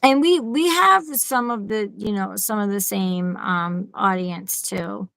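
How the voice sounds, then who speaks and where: A woman guest in a casual chat, friendly and encouraging, with halting speech. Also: mid-range voice, creaky, a bit bright, no room sound, poor audio. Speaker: guest collector.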